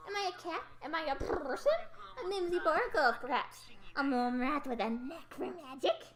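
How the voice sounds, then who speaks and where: A woman's voice: sits high, normal speed, a bit bright. A woman doing a sly, creepy cat boy. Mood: sly teasing. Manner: teasing, evasive, singsong. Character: sly, riddling cat-eared teen boy, creepy and playful.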